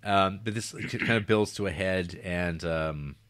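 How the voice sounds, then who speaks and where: A deep-voiced man co-hosts a casual film podcast, recorded close and dry with no room sound. He rambles through the plot in an animated way, slipping into quoted lines. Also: measured pace, clear, resonant tone, dry recording. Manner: rambling, animated retelling with acted-out quotes and laughs. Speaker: podcast co-host. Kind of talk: casual film review chat.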